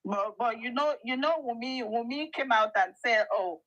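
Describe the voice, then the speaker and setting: A woman's voice: fairly high pitch, normal speed, a bit bright, muffled recording. A woman in a live-stream debate, conciliatory in tone and leaning on "you know". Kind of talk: heated live-stream discussion.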